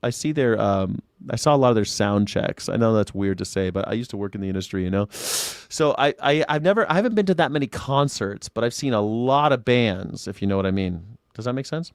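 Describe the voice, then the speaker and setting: A man's voice: on the low side, animated, a little fast, hardly any pauses, clean tone, no room sound, studio quality. A man hosting a casual live talk stream, ranting and mocking how people phrase their questions. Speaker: talk show host. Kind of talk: casual livestream chat.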